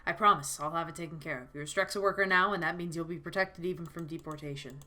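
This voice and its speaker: A woman voicing a confident, reassuring man in a game, speaking in a calm, assured way. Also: lowish voice, fast talker. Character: confident, reassuring male recruiter.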